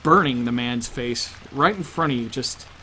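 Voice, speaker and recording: A man's voice: medium pitch, normal speed, pushed and bright, slight background noise. A man narrating a tabletop role-playing game as game master.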